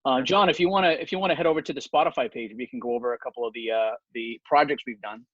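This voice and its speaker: A man's voice: mid-range voice, rapid-fire, a bit bright, slightly rough, no room sound. A man hosting a band podcast, chatting casually and rambling with many ums about the band's songs. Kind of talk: casual chat. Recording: dull dry lo-fi sound.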